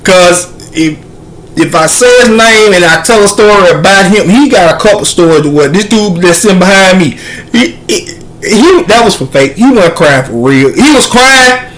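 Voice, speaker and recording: Animated man telling a funny story. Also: high voice, normal speed, a little hiss or hum, poor audio. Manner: animated, laughing often, acts out voices in his story. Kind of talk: comedic storytelling.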